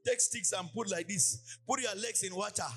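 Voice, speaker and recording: A man from Cameroon preaching a sermon in a church, with a sing-song preaching cadence and lively illustrative asides. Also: high-pitched, normal speed, faint music behind. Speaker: pastor.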